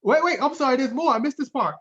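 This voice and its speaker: A man with a high voice reads odd news stories to his co-host, amused and chuckling between lines. His audio is muffled and lo-fi. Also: lively intonation, fast talker, fairly bright tone. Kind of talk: casual comedic chat.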